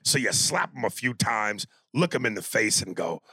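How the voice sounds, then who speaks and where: A man co-hosting a podcast in casual chat, reading listener emails aloud in a profane, joking, animated way. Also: on the low side, moderate pace, slightly rough, no room sound. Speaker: podcast co-host.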